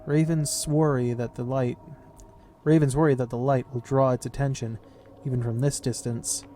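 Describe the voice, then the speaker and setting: A man's voice: mid-range voice, steady tone, moderate pace, mellow, slight background noise. A man reading game text aloud in a casual playthrough, reading steadily and breaking off into casual comments. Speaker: game player and narrator.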